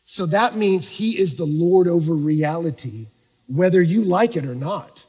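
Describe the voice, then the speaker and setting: A man preaching a sermon as pastor, swinging from hushed, quiet stretches up to shouting. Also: fairly high pitch, a little slow, slightly rough. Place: large church auditorium. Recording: long reverb of a large hall.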